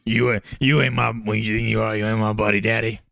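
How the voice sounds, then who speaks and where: Comic bit: man voicing a gravelly, drawling tough guy, slow and dry. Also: on the low side, little pitch movement, fairly bright tone, no room sound. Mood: defiant. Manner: slow rambling drawl, repetitive.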